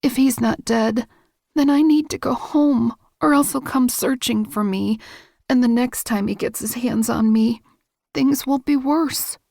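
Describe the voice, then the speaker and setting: A woman's voice: fairly high pitch, measured pace, creaky, warm tone, dry recording, clean studio sound. A woman voicing a frightened young woman in an audiobook, anxious and pleading. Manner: pleading, anxious, slightly raised. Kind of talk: audiobook character voice.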